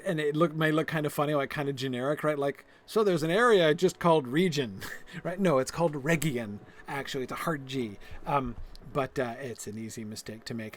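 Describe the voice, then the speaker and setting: A man hosting a stream, giving a casual, digressive lecture while playing a game, full of fillers and restarts. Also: mid-range voice. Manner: enthusiastic, laughs at himself. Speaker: host.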